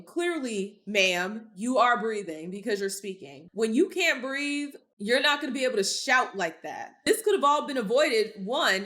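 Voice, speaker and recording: A woman's voice: fairly high pitch, a bit bright. A woman hosting a reaction commentary, blunt and scornful as she picks apart a clip. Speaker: commentary host.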